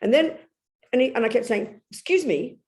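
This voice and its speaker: An older woman with an English accent giving a blunt, animated Buddhist talk, telling stories and breaking into sudden loud bursts. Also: on the high side, a little fast. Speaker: Buddhist nun teacher. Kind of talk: Dharma talk.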